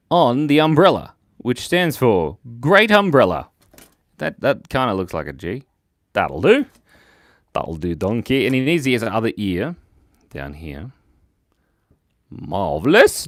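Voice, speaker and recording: A man's voice: fairly low pitch, no echo, clean studio sound. An Australian man hosting a live drawing stream, chatting casually and joking as he reads out viewer comments. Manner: playful and jokey, reading out viewer chat.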